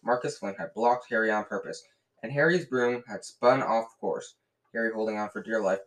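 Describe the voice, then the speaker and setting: A man reading a novel aloud in a lively way, often slipping and restarting words. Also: lowish voice, normal speed, poor audio. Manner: lively, with frequent slips and restarts. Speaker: reader.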